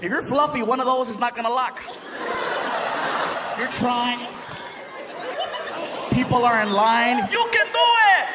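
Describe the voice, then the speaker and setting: A male stand-up comedian spinning an animated story, loud and playful, with a strikingly high voice. The live stage recording carries clear background noise. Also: measured pace, pauses often, over a noisy crowd.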